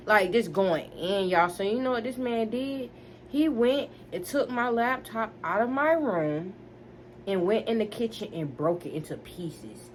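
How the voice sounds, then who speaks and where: Animated young woman telling a storytime. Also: mid-range voice, a little slow, slight background noise. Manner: animated, emphatic, talks straight to viewers. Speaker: vlogger. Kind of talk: storytime vlog.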